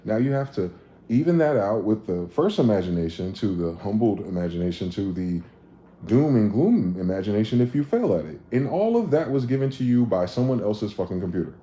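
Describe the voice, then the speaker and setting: Profane animated man on a livestream. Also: on the low side, brisk. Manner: animated, profane, acts out both sides of conversations. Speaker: livestream host. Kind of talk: casual livestream monologue. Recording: echoey room with faint ambient noise.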